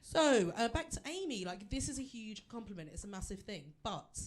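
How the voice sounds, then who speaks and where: A woman, working a live theatre crowd in a stand-up set. She is chatty and self-deprecating, and talks straight to the audience in a middle-pitched voice. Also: big pitch swings, normal speed. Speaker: stand-up comedian.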